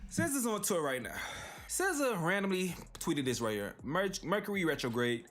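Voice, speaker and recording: A man's voice: a little high, sing-song, fairly quick, a bit bright, faint music behind. A man hosting a commentary channel, reading posts aloud and reacting in loose, slangy casual talk. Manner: reads tweets aloud then reacts, slangy.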